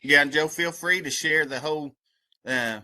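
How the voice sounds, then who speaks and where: A man's voice: on the high side, moderate pace, pushed and bright. A man with a rural American accent giving an earnest, folksy talk about his community service work, then taking questions on a video call. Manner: earnest, folksy, passionate, with many restarts. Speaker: head of a community service corps.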